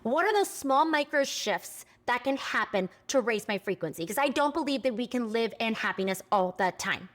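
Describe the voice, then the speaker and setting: A woman's voice: on the high side, animated, normal speed, few pauses, a bit bright. A woman in her forties talking candidly to camera in a spiritual vlog, passionate and blunt, swearing casually and getting emotional at times. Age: 40s. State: emotional, near tears at times. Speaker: spiritual vlogger.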